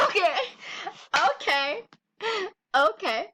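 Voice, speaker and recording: A high, bright voice from a teenage girl venting her anger in a home vlog. She talks slowly and swears often, with nervous laughs breaking through the rant. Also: a little hiss or hum. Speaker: vlogger.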